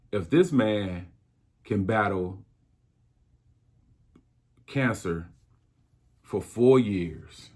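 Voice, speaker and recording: Low and husky with a darkish tone, this man's voice carries his own relaxed podcast. He muses at a slow, drawn-out pace, restarting his sentences again and again.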